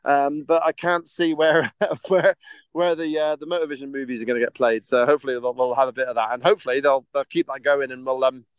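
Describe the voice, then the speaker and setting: Smooth-voiced man, rambling. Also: medium pitch, fairly even intonation, quick pace, no room sound. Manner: rambling, hesitant, full of ums and restarts, laughs easily. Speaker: podcast co-host. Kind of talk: casual chat.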